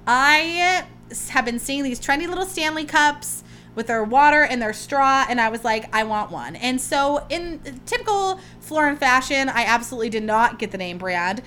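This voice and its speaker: Young woman podcaster, chatty and excitable, a touch high-pitched. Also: moderate pace, slight background noise. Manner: gushing, chatty, rambling with many "like"s. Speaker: podcast host. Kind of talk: casual solo chat.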